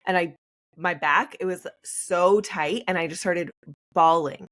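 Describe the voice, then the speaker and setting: A woman in her thirties hosting a podcast, telling stories in a chatty, animated way and acting out the quotes. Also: fairly low pitch, unhurried. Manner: animated storyteller, acts out quotes. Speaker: podcast host. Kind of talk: conversational podcast interview.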